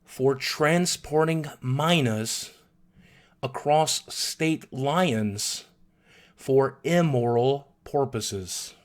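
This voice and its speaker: A man voicing a stern male police officer who speaks through a bullhorn with barked, drawn-out commands. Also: mid-range voice. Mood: solemn.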